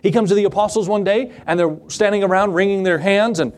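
A middle-aged man preaching a sermon as pastor, animated and acting out Bible scenes in different voices. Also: high voice, fast.

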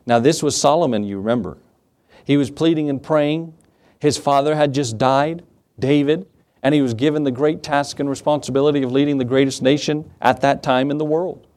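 A man's voice: medium pitch, moderate pace, darkish tone. A pastor preaching to his small church, reading scripture aloud and voicing impassioned prayers. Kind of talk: sermon.

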